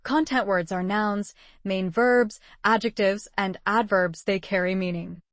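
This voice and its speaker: A woman teaches English listening in a measured, scripted way. Her voice sits at a middle pitch and is recorded dry and close, with no room sound around it. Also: steady tone, no echo. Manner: clear, measured teaching delivery. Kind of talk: scripted lesson narration.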